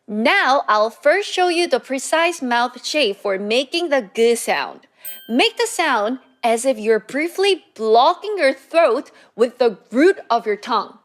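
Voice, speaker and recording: Woman teacher for a lesson video, unhurried and clearly articulated, with a lively pitch. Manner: slow, clear teaching with repeated drills. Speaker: Korean language teacher. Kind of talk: scripted language lesson.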